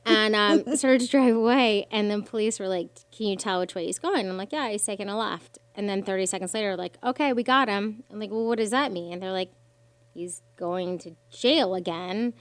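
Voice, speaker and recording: A woman's voice: mid-range voice, moderate pace, no room sound. Woman guest, podcast mic, dry close sound, emotional storyteller who swears and voices others' lines. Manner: animated, swears freely, acts out quoted voices.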